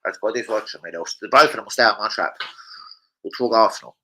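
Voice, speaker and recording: A man's voice: lowish voice, fast, bright, forceful tone, rough recording. A young man chatting casually on a live stream at home, swearing freely and bantering with viewers. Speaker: livestreamer.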